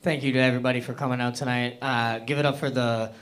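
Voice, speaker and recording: A young man performs stand-up on a club stage, rambling and self-deprecating. He talks loosely, with plenty of fillers along the way. His voice sits at an average pitch. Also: little pitch movement, fast, fairly bright tone. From Hamilton, Canada. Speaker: open mic comedian. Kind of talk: stand-up set.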